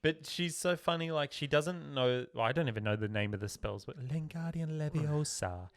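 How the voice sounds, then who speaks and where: A man's voice: on the high side, animated, normal speed. A young man co-hosting a podcast, chatting casually and joking, often laughing and slipping into silly voices. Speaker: podcast co-host. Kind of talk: casual chat.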